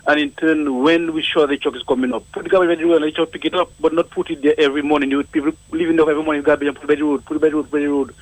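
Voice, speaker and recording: A man's voice: a little high, flat delivery, very fast, hardly any pauses, no echo, poor audio. A man calling a radio show who lectures earnestly on handling garbage and repeats his points. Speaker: caller. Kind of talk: call-in comment.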